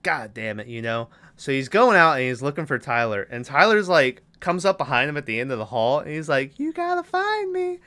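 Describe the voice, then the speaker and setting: A young man hosting a podcast, casually recapping a movie plot with loose, profane storytelling and quick character voices. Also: mid-range voice, sharp tone, smooth. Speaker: podcast host recapping a film. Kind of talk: casual chat.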